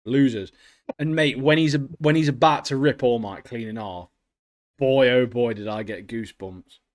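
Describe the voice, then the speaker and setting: Excitable man chatting. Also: mid-range voice, moderate pace. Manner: excitable, slangy, keeps saying mate. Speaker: podcast co-host. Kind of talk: casual chat.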